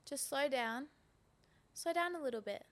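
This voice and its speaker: Young woman, faith podcast host, slightly high voice, earnest and casual, rambles a bit. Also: measured pace. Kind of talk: faith podcast talk with prayer.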